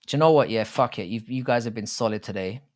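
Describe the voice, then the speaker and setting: A man's voice: medium pitch, fast. A young man hosting a casual live stream, rambling and swearing freely with many restarts.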